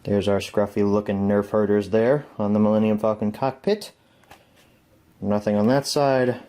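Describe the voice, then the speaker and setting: Young male vlogger, lowish voice, casual, self-deprecating, thinks aloud. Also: flat delivery, moderate pace, mellow. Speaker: home media reviewer. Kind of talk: casual product review vlog.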